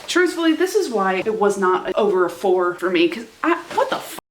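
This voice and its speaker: A woman's voice: medium pitch, echoey room, recorded from a distance, slight background noise. A young woman casually recapping a TV series; chatty, swears freely and acts out the lines. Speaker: YouTube host recapping a TV series.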